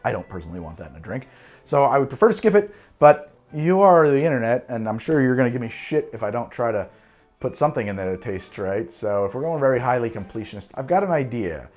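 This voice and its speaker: A man in his forties hosting a cocktail show, talking casually to camera in an animated, digressive and jokey way. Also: medium pitch, fast, faint music behind.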